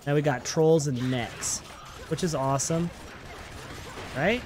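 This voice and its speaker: A man's voice: on the high side, steady tone, moderate pace, a little mellow. A man hosting a gaming channel, giving upbeat, chatty let's-play commentary and talking playfully to his viewers.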